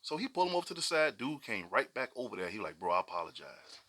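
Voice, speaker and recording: Telling casual stories as a podcast co-host, a middle-aged man talks very fast in a sing-song, medium-pitched voice with a bright, forceful tone. His delivery is slangy and emphatic, with points repeated for weight.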